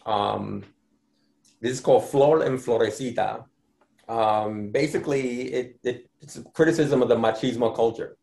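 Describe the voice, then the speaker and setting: A Dominican-born man explaining his artwork in an interview, speaking in a measured way with frequent ums and restarts. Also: medium pitch, vocal fry, mellow. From Dominican Republic. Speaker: artist guest.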